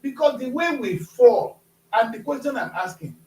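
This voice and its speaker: A man co-hosting a talk show, speaking Nigerian Pidgin-inflected English, animated and full of rhetorical questions. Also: very high voice, moderate pace, recorded from a distance. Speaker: co-host. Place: studio. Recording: echoey, from off-mic.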